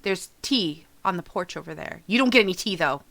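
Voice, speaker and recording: A woman's voice: on the low side, animated, brisk, a bit bright. A woman voicing a protective farm mother who scolds firmly and soothes her son. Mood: scolding. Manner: scolding, firm, clipped.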